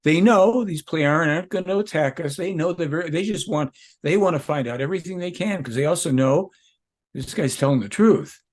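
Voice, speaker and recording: A man's voice: fairly high pitch, a little fast, a little mellow. A man speaking as an interview guest, rambling and emphatic, jumping from point to point. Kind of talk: casual interview talk.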